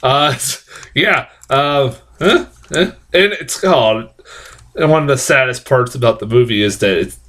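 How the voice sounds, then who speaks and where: Brief: male movie reviewer, casual, profane, rambling with fillers and restarts, mid-pitched voice. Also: expressive, unhurried, a bit bright.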